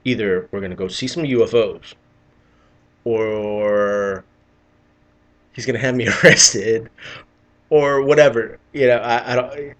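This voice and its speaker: A man's voice: mid-range voice, takes it slowly, pauses often. A middle-aged man telling a rambling, profane story in a casual vlog, often restarting his sentences. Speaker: vlogger.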